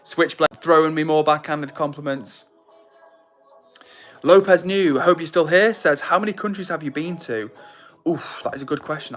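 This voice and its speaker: This livestream host is a young man whose voice sits on the higher side with a slightly bright quality. Casual and cheerful, he goes through comments from viewers and says hello to each person by name.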